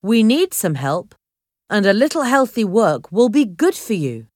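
A woman's voice: medium pitch, sing-song, measured pace, a little mellow, no room sound, clean studio sound. A woman voicing a firm, commanding fishing-boat captain in a storybook reading. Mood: stern. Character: tough, stern fishing-boat captain, gruff older man.

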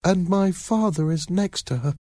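Scared little boy, high pleading voice, stammers; male narrator doing the voice. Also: normal speed, dark tone, no echo, studio quality. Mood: frightened. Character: terrified seven-year-old boy, trembling.

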